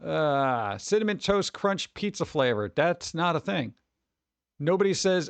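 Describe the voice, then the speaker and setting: A man giving casual live-stream commentary with a slightly high voice. He rambles, trips over words and sounds exasperated and sarcastic. The recording is dry and close. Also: big pitch swings, unhurried, creaky, smooth, dry recording. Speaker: streamer reacting to food videos.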